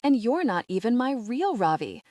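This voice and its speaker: A woman's voice: fairly high pitch, very animated, moderate pace, a little mellow, dry recording, voice pushed up. A woman voicing a furious young woman art thief who gasps and sounds bitter. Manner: bitter, gasping.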